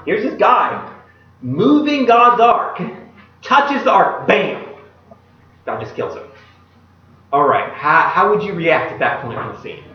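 A man preaching a sermon, retelling a Bible story in an animated way and putting questions to his listeners. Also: high-pitched, takes it slowly, long pauses. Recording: echoey, distant, dull room recording.

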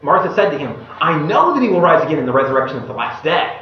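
A male pastor giving a sermon and reading scripture aloud. He acts out the quoted speech in a casual modern voice and drops to a hushed voice at solemn moments. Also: a little high, big pitch swings, fast talker, a little hiss or hum. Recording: echoey hall, distant mic, dull sound.

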